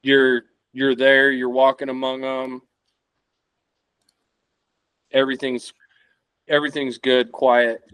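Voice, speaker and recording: A man's voice: mid-range voice, level tone, measured pace, fairly bright tone, smooth, dry recording. Man in his thirties, rambling, dry sound. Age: 30s. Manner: rambling, searching for words. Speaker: podcast guest, elk hunter. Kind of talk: casual podcast conversation.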